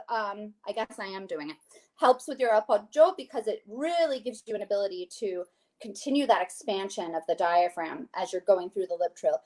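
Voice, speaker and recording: Over a video call, a soprano runs a vocal coaching session, explaining each exercise before singing it, all with a light, joking touch. Her mid-range voice is brisk and mellow.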